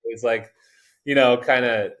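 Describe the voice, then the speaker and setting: A man's voice: mid-range voice, fairly even intonation, moderate pace, a bit bright. A man co-hosting a podcast, speaking hesitantly with many fillers. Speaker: podcast co-host. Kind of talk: casual wrap-up talk.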